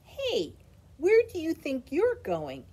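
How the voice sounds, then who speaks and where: A woman's voice: medium pitch, sing-song, slow pace, breathy edge, full character voice. A woman voicing a playful, bossy little boy who orders his clothes around. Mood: excited.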